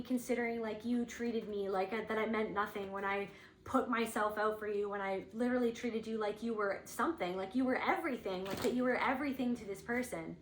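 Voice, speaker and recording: A woman's voice: fairly high pitch, reverberant, slight background noise, rough recording. A woman giving an intuitive spiritual reading, thinking aloud in a searching, rambling way, with lots of "like". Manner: searching, rambling, heavy use of "like".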